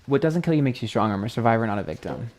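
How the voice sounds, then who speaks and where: A man's voice: medium pitch, expressive, racing, darkish tone. A man in his thirties from New York, with a New York accent, chatting casually on a live stream as a psychic tarot reader. He reads viewer comments aloud and talks loosely and candidly, swearing freely and filling his speech with "like" and "um.". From Queens, New York. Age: 30s.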